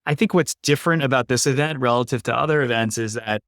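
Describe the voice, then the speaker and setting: Podcast guest, thirties, reflective and conversational, mid-pitched, dry. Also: male voice, fast talker, fairly bright tone, dry recording. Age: 30s. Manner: earnest, reflective, uses "like" often. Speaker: podcast guest, climate investor. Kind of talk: casual conversation.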